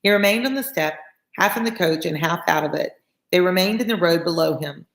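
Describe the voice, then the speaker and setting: A woman's voice: on the low side, animated, a little fast. Chatty woman reading a novel aloud. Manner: chatty asides, explains old words plainly. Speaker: read-along tutor. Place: home room with a fan on. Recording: echoey room.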